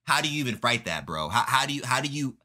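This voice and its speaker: A man reading a comic aloud and reacting with animated, excitable commentary. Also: mid-range voice, fast talker.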